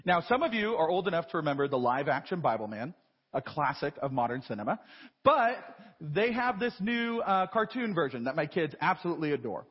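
A man's voice: fairly high pitch, big pitch swings, brisk, husky. A man in his thirties preaching a sermon in a church. He talks in a conversational, self-deprecating way and often asks rhetorical questions. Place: large church. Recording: dull live broadcast with long church reverb.

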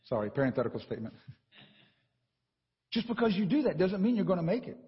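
Lively preaching man in a reverberant church. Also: high voice, fairly quick, muffled recording. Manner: animated and conversational, with frequent "right?" asides. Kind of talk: sermon.

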